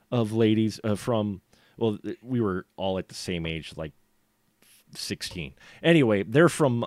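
A man's voice: lowish voice, a little mellow, clear, resonant tone, no room sound. A man from the upper Midwest co-hosting a podcast, rambling and laughing as he talks about films. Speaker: podcast co-host. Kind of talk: casual film discussion.

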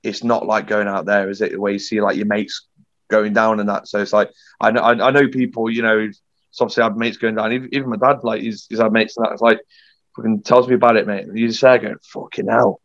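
A man's voice: lowish voice, little pitch movement, fast talker, fairly bright tone, no room sound. A young man telling a casual army story on a podcast, swearing freely and acting out what others said. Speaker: podcast guest. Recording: dull lo-fi sound.

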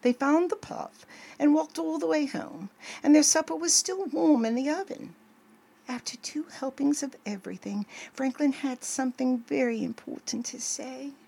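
An older woman gently reading a children's storybook aloud as the show's storyteller. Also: high voice, gravelly. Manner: slow, expressive, gentle reading. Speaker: storyteller host.

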